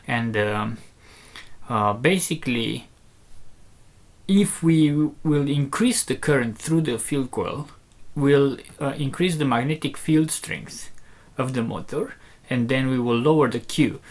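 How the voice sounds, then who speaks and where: Here a man of medium pitch speaks at a measured pace, demonstrating a driver he makes as a loudspeaker builder. It's an informal technical walkthrough, delivered hesitantly and step by step, with many fillers and restarts.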